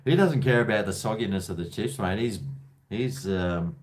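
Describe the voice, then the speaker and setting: A man's voice: lowish voice, moderate pace, very noisy. An Australian man from Brisbane hosting a casual call-in show, with jokey, blokey banter. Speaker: host of a call-in livestream.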